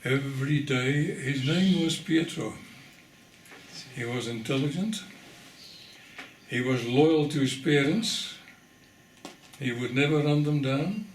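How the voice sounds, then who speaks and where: An older Dutch man gives oral history testimony as an interviewee, telling his story in a measured way with pauses for weight. His mid-range voice has lively intonation, heard in an echoey room with a little hiss or hum.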